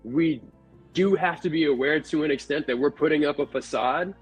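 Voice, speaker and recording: A man who works as a haunt actor and manager, giving measured, blunt advice in a casual livestream chat. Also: a little high, husky, highs cut off, faint music behind.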